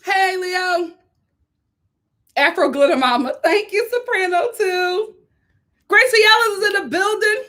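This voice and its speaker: Woman from Philly, live-stream host, casual and animated, quick to laugh. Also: very high-pitched. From Philadelphia. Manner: chatty, animated, repeats herself, laughs often.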